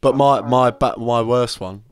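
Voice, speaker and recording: A man's voice: medium pitch, a little slow, clear, resonant tone. A young man co-hosting a podcast, telling a story in casual, slangy chat with lots of laughter. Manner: animated, laughing, slangy, acts out voices. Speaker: podcast co-host.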